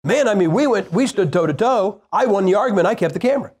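A man's voice: high voice, lively intonation, fast, a little mellow. A man preaching a sermon, telling a personal story in a plain-spoken, conversational way and firing rhetorical questions at the congregation.

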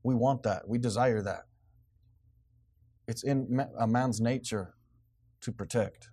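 A man's voice: mid-range voice, measured pace. A man, preaching a blunt, emphatic sermon as pastor. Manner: blunt, emphatic preaching, grows loud and animated.

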